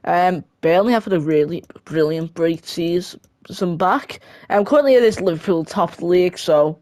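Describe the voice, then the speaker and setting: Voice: medium pitch, a little mellow, no room sound. Chatty gamer voice-over, dry sound. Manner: chatty, self-correcting, quick laughing asides. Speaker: gaming video creator. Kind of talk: casual voice-over of a football game career mode.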